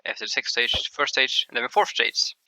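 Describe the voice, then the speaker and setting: Bright-voiced man narrating gameplay. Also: medium pitch, dry recording, poor audio. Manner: halting, rambling explanations with frequent restarts. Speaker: gameplay showcase host. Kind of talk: casual gameplay commentary.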